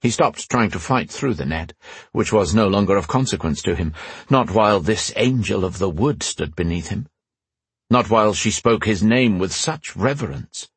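A man reading a fantasy audiobook, telling the story in a measured, expressive way. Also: lowish voice, slightly rough, no room sound. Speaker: narrator. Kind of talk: scripted fantasy audiobook narration.

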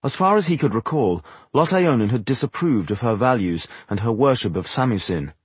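A man narrating a fantasy audiobook in a steady, measured reading voice. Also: medium pitch, slightly rough, no room sound.

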